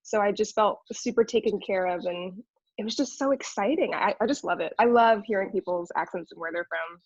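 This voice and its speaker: A woman's voice: medium pitch, brisk, husky, no room sound. A young woman with a light Californian accent talks easily about her acting work, upbeat and peppered with "like." Her voice sounds dry and a little dull, with a touch of lo-fi thinness. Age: young adult. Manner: chatty, upbeat, laughs easily, lots of "like". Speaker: actress, interview guest. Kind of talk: casual interview chat.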